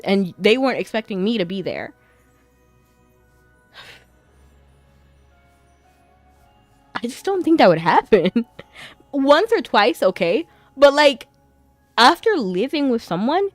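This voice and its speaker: A young woman chats her way through a game stream, easygoing and chatty, breaking into giggles between thoughts. Soft game music plays quietly under her voice. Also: on the high side, no room sound. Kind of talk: casual gameplay chat.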